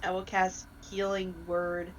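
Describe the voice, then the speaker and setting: A woman playing a tabletop game, chatty, who slips into lively voices for her character. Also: fairly low pitch, measured pace, slight background noise, low-quality recording. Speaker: player.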